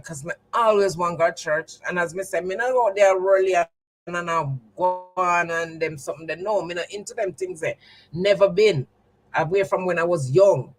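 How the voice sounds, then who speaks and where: On a low-quality recording, a livestream host with a Jamaican accent and a mid-range voice tells her viewers a personal story. She delivers it emphatically and repetitively, like a testimony.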